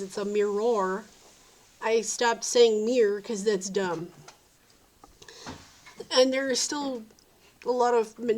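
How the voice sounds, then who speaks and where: A woman's voice: medium pitch, a little mellow. A woman from the South Jersey and Philadelphia area in a rambling, opinionated vlog monologue, often calling things dumb. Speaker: vlogger.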